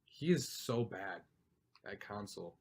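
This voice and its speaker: A man's voice: fairly low pitch, animated, unhurried, a little hiss or hum. A young man hosting a casual podcast, rambling and joking as he complains about video games. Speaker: podcast host. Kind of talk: casual chat.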